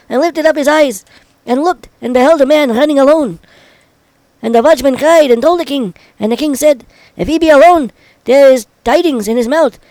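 A man reading an old-style scripture passage aloud in a solemn, measured way. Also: very high voice, darkish tone, no echo, low-quality recording. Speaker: scripture reader.

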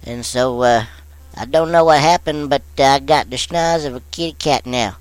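Folksy, smooth-voiced country man. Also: mid-range voice, normal speed, dry recording, low-quality recording. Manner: folksy drawl with rustic grammar. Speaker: on-scene witness. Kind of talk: comic rural storytelling.

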